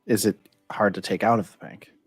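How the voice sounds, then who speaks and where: A man's voice: fairly low pitch, steady tone, fairly quick, husky, no echo. A young man playing a tabletop game, rambling casually with lots of "like" while describing his character. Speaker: player. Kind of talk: casual tabletop play chat.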